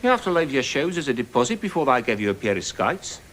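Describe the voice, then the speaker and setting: A man's voice: mid-range voice, very animated, quick pace, a bit bright, slight background noise. An actor playing an eccentric male patient in a sitcom, who rambles off on odd tangents. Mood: quirky.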